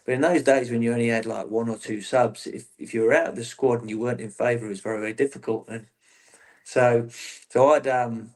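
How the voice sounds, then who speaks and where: A former footballer in an interview, telling long stories in a rambling, self-interrupting way. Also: male voice, mid-range voice, fairly even intonation, a little fast, a little mellow. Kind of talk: casual interview chat.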